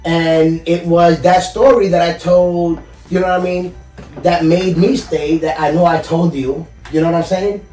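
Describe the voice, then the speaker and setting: A man's voice: on the high side, fairly even intonation, moderate pace, dark tone. A man guest on a podcast, earnestly telling a personal story in casual chat, often saying "you know". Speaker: podcast guest, collector and YouTuber. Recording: echoey room, far from the mic, faint music.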